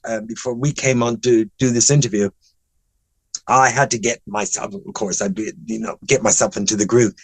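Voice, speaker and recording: A man's voice: medium pitch, no room sound, poor audio. A man in his seventies, a guest in an interview, telling long anecdotes in a chatty, rambling way full of restarts. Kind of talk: animated anecdotal storytelling.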